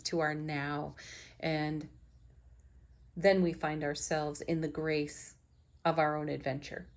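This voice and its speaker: A middle-aged woman giving an enthusiastic, affirming spiritual tarot reading. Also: lowish voice. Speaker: tarot reader.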